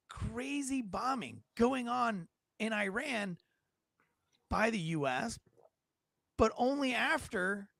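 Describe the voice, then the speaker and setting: A man hosting a casual political commentary show, animated and joking, his voice raspy from yelling. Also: sits high, dry recording, clean studio sound. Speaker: podcast host.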